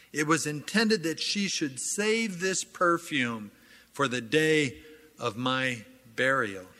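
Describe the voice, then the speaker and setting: A man preaching a sermon in a slow, deliberate cadence, his voice bright and a touch high. His delivery is earnest, with dramatic pauses and swelling emphasis. The sound carries a long reverberant tail, as in a church hall. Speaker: pastor.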